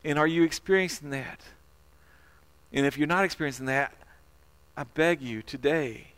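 An earnest male pastor delivering a sermon in a slightly higher voice. He stumbles over and repeats words as he leads the congregation in call-and-response. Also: moderate pace, long pauses, fairly bright tone.

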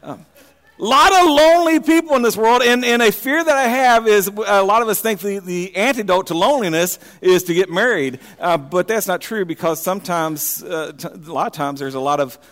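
A man preaching a sermon, opening with folksy, self-deprecating jokes in a halting way before moving into scripture. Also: high voice, fairly bright tone, long reverb tail.

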